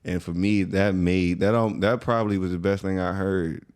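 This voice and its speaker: A man's voice: sits low, fairly even intonation, normal speed, a little mellow, smooth. A young American man co-hosting a podcast, telling a story in a laid-back, slangy, conversational way. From USA. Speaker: podcast co-host. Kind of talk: casual storytelling chat.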